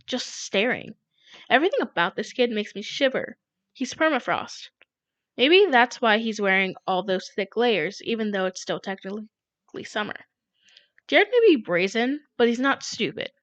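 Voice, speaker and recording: A woman reading a novel aloud in first person, with unhurried narration in a dull lo-fi recording. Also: medium pitch, a bit bright, no echo. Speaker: audiobook reader.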